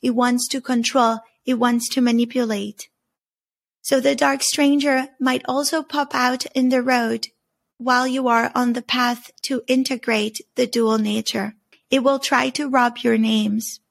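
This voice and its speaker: Earnest woman with a gravelly, husky voice. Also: on the high side. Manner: earnest, measured, slow deliberate emphasis. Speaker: podcast host teaching on story symbols. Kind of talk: reflective spoken teaching.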